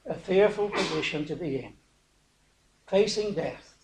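Male preacher, high voice, halting sermon delivery with fillers, echoey room. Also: background noise. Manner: hesitant, many fillers, asks rhetorical questions. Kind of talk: sermon retelling a Bible story.

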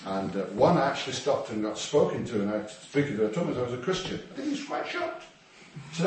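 Male preacher, chatty and joking, recorded from afar in a booming hall. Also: sing-song, quick pace, a little mellow. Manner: humorous, conversational, with asides and acted quotes. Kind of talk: sermon. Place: church hall. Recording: echoey hall, distant mic, faint noise.

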